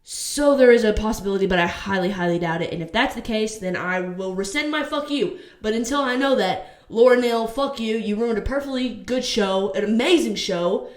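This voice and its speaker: A woman's voice: a little high, moderate pace, hardly any pauses, reverberant. A woman vlogger giving a casual TV review, ranting heatedly and swearing.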